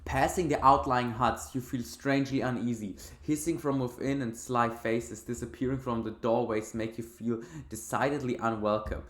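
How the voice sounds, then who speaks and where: A man reading a text adventure aloud, then dropping into casual, profanity-laced asides and chuckles. His voice sits at a middling pitch, and the room has a noticeable echo. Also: fairly even intonation, moderate pace, hardly any pauses, a bit bright. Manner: swears freely, laughs at the story. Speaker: let's play host.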